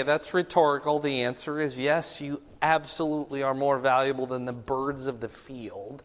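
Male pastor, unhurried sermon delivery with rhetorical questions, high-pitched voice, recorded in an echoing church hall. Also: a bit bright. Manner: reads scripture with rising emphasis, then explains casually; asks the audience rhetorical questions.

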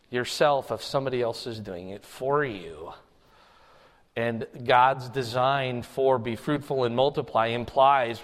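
A man preaching a sermon from the pulpit as pastor, swelling in pitch and force on key phrases. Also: in a large hall. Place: church sanctuary.

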